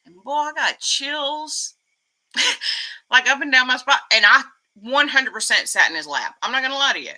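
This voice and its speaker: Chatty Texan woman streamer, very bright voice, laughs easily. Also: sits high, lively intonation, poor audio. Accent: Texas Southern. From Texas, US. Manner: chatty, giggly, quick to laugh. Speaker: vlogger reading live chat. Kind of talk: casual live-stream chat.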